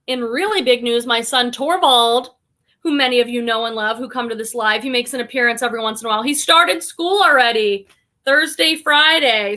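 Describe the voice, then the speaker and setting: A woman's voice: high-pitched, sharp tone. A middle-aged woman from the United States hosting a casual live stream, chatting upbeat and reading viewer comments aloud.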